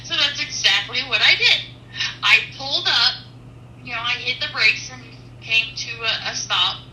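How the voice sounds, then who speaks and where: A woman truck driver telling a personal faith testimony in an earnest, animated storytelling manner, with pauses. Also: on the high side, reverberant, distant mic, slight background noise, low-quality recording.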